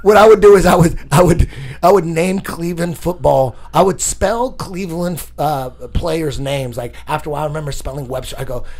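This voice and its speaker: A man telling crude stories in a casual chat, profane and animated, punching them up with sound effects. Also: a little high, a little fast, few pauses. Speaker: podcast guest.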